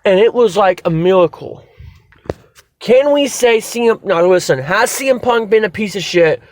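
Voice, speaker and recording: High-voiced excitable man ranting. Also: moderate pace, slight background noise. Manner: excitable, rambling, swears freely. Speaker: wrestling show reviewer. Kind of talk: casual video review.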